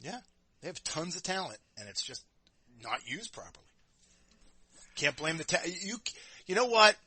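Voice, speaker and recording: Animated, husky-voiced man talking wrestling. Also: fairly high pitch, moderate pace, no echo. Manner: animated, blunt, swears freely. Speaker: podcast co-host. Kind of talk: casual wrestling talk.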